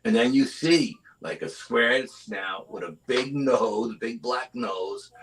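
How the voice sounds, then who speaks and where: A middle-aged man telling a story as a guest in a live interview, animated and often asking "you know?". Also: medium pitch, slow pace, hardly any pauses, slight background noise, poor audio. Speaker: guest, cryptid investigator.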